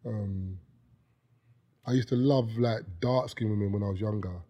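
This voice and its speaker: A man's voice: on the low side, moderate pace, warm tone, lo-fi sound. A man with a British accent, a podcast guest, chatting casually and bantering with a joking, laughing manner.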